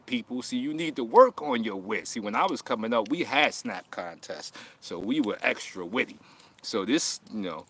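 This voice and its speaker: On his livestream, a man who runs a martial arts channel fires back at chat with heated, animated laughter and mockery. His voice sits on the low side, moves at normal speed, and carries vocal fry.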